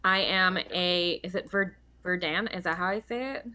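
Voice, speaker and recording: A woman's voice: on the low side, normal speed, bright, forceful tone. A woman playing a tabletop game, introducing her character casually. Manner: casual, easygoing. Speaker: player.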